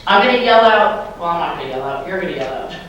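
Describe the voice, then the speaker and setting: A woman's voice: fairly low pitch, expressive, fast, a bit bright, lo-fi sound, a little hiss or hum. A woman giving a motivational keynote to a live audience, playful and full of questions to the crowd. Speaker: keynote speaker. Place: large hall, live audience. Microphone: handheld microphone. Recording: very echoey hall, mic from far off.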